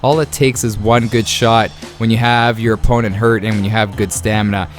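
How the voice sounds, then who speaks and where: A man commenting on his video game knockout highlights, excitable and laughing, with playful trash talk. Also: a little fast, faint music behind. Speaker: gaming YouTuber.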